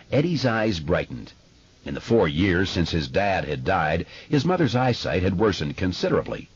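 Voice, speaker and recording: A man narrating an audiobook in a measured, expressive way, recorded in a studio. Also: sits low, breathy edge, muffled recording. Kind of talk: scripted narration.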